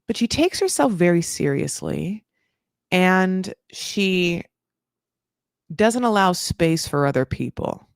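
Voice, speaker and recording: Woman recapping tv, low-ish voice, says like a lot, very opinionated. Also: sing-song, slow pace, vocal fry, clear, resonant tone, no room sound, studio quality. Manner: chatty and opinionated, many "like" fillers. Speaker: podcast host recapping a reality show. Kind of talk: casual chat.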